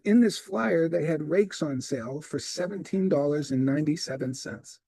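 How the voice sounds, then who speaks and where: Animated middle-aged male sales trainer. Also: a little high, moderate pace, gravelly, dry recording. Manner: animated storyteller acting out dialogue. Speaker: real estate sales trainer. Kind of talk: storytelling sales training talk.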